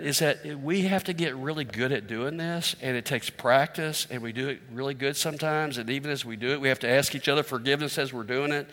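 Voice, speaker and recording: A man's voice: medium pitch, fairly quick, few pauses, a bit bright. Middle-aged man preaching in a reverberant hall. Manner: candid, self-deprecating, conversational preaching. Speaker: pastor. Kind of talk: sermon.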